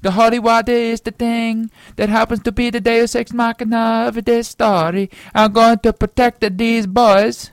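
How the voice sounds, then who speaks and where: A woman's voice: on the high side, flat delivery, no echo, close to an everyday voice. A woman doing a creepy little Italian water boy. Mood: earnest. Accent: put-on bad Italian accent. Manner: halting, full of "uh" fillers. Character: small creepy male holy water boy.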